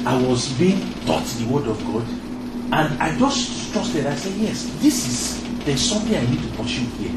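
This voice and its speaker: A man preaching a sermon to young people, acting out little dialogues and laughing now and then. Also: on the high side. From Nigeria. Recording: echoey room, heard from a distance, noisy.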